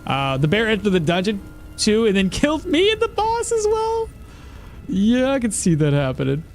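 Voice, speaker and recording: A man's voice: sits high, wildly swooping pitch, normal speed, faint music behind. A man streaming a video game, chatting casually, thinking aloud and answering his chat as he plays. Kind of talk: live gameplay commentary.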